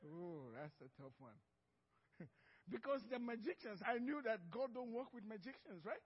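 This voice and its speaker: A man's voice: high-pitched, breathy edge, big-room sound, muffled recording. A man preaching a sermon as pastor, telling a story with frequent laughter and acted-out dialogue.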